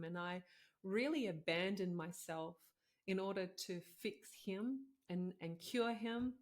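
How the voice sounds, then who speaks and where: A woman's voice: mid-range voice, unhurried. A woman in her thirties, a podcast host and doctor, telling a personal story in a heartfelt, conversational way with many fillers.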